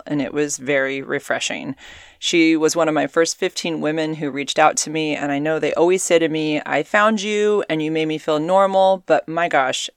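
A woman's voice: low-pitched, clean tone, dry recording. A woman hosting a podcast, talking in a casual, effusive and chatty way with her guest. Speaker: podcast host. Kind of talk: casual interview chat.

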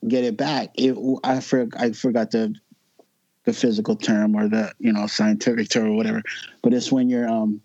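A man's voice: lowish voice, level tone, moderate pace, darkish tone, no room sound, muffled recording. Laid-back man swearing through a story. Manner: profane, laid-back, laughs often. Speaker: guest. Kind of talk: casual storytelling.

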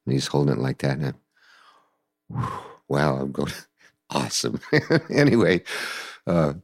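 An older man telling stories in a casual interview, animated and acting out voices and sounds. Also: rumbling low, unhurried, no room sound, clean studio sound. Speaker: guest musician recalling the past.

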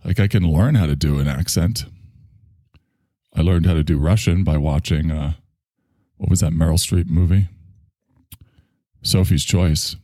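Deep-voiced rambling man, swears freely. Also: a little slow, pauses often, dark tone, no echo, studio quality. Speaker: stream host. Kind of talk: casual monologue to an online audience.

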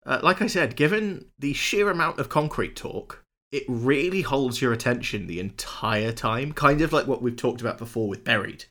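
A man co-hosting a film podcast, chatty and quick to laugh as he explains things at length. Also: medium pitch, animated, pushed and bright. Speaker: podcast host. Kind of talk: casual film chat.

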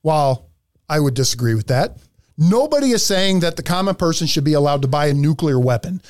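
A man's voice: a little high, a little fast. Guy podcast host going off, lots of cursing, voice jumps all over the place. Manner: profane, ranting, animated. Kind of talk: heated political commentary.

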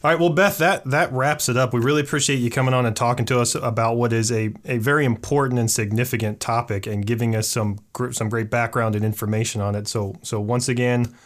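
Relaxed male podcast host. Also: mid-range voice, fast, hardly any pauses. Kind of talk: hosting an interview podcast.

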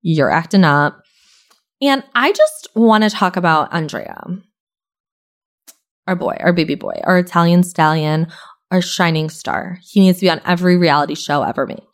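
A woman's voice: fairly low pitch, expressive, normal speed. A young woman hosting a podcast, recapping reality TV in a gossipy, chatty way, full of "like" and casual swearing. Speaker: podcast host.

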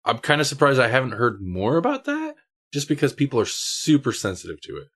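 A man's voice: medium pitch, huge pitch swings, brisk, a bit bright. A man co-hosting a podcast in casual chat, opinionated and thinking aloud as he talks. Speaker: podcast co-host.

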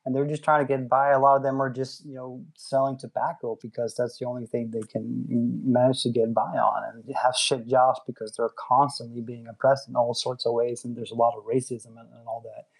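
A man's voice: medium pitch, level tone, fairly quick, gravelly, few pauses, husky, rough recording. A man from Denmark with a Danish accent, chatting casually and telling a rambling story, laughing often and swearing now and then. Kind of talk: casual chat.

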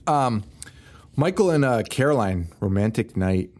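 A young man co-hosting a podcast, casually recapping a movie with lots of swearing, rambling asides and quick imitations of characters. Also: fairly low pitch, animated, a little mellow. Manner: profane, rambling, retells scenes with quick put-on quotes. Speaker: podcast co-host.

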